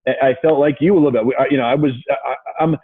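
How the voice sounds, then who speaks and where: Male interview host, rapid easygoing delivery, husky, tinny phone-quality audio. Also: medium pitch, steady tone. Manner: easygoing, agreeable. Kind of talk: casual interview chat. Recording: thin phone-like remote call line.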